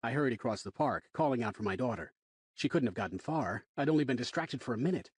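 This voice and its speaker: Expressive male audiobook narrator, husky. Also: medium pitch, quick pace, dry recording. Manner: wry, expressive storytelling. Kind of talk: first-person audiobook narration.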